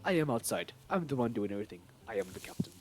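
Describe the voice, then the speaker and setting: A man putting on a deep, slow, mock-bossy voice as a pompous self-declared ship captain, joking during a game stream. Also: big pitch swings, faint music behind, natural voice.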